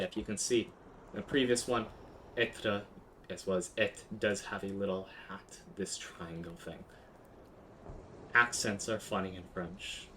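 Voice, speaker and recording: A man with a fairly low voice walks through grammar in a relaxed streamed lesson. He explains step by step, restarts his sentences often and drops the odd casual curse. A faint hiss of noise sits under his voice. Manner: explains step by step, with frequent restarts and offhand swearing. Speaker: language teacher.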